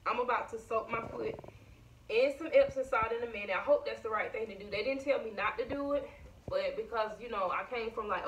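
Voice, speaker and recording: A woman's voice: medium pitch, background noise. Breathless chatty woman. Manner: chatty, addresses viewers as y'all. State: short of breath. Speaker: vlogger. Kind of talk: casual chat to viewers. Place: at home indoors.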